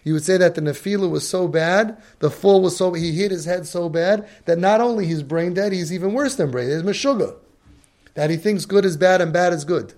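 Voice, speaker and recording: A man's voice: high voice, brisk, a little mellow. A man giving a religious lecture as a parenting coach, emphatic and acting out the voices he quotes.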